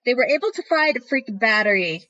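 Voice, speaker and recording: A woman co-hosting a podcast, adding wry asides and quick agreements. Her voice is fairly high and comes through on dull, lo-fi audio. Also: lively intonation, sharp tone. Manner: wry, chiming in with short agreements. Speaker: podcast co-host. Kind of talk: casual recap chat.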